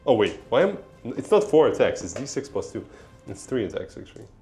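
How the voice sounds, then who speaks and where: A man's voice: medium pitch, sing-song, brisk, darkish tone, soft background music. A man with a Russian accent calling a tabletop battle casually, laughing often and correcting his own counts. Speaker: tabletop game player. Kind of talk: casual battle report play-by-play.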